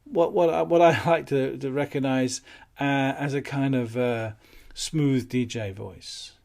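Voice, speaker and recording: A man teaching phone appointment-setting in a calm, matter-of-fact way, with light chuckles. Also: mid-range voice, measured pace, gravelly. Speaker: business skills trainer. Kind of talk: instructional talk on phone sales.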